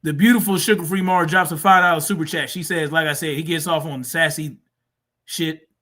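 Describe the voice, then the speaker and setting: A man's voice: a little high, steady tone, brisk, pushed and bright. A man hosting a live stream, reacting to clips with blunt, profane, mocking commentary. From family from Mississippi. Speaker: streamer host.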